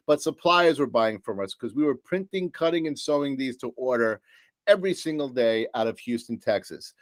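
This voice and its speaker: Upbeat New York salesman, mid-pitched, dry close mic, presenting to buyers with jokes and fillers. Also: dry recording. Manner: upbeat, joking salesman's patter with many fillers. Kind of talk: business presentation.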